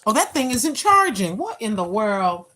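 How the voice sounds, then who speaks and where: A woman's voice: mid-range voice, very animated, normal speed, sharp tone, poor audio. A woman in her sixties hosting a casual walking livestream, joking and giving repeated playful warnings to her viewers. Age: 60s. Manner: preachy, joking, repetitive warnings. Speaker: walking vlog host. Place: at home indoors.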